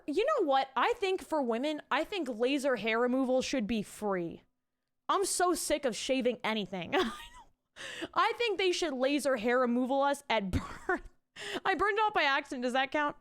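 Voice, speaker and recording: A woman's voice: sits high, big pitch swings, moderate pace. A young woman streaming from home, chatting casually with her viewers, reading chat aloud and swearing freely into a desk mic with a pop filter.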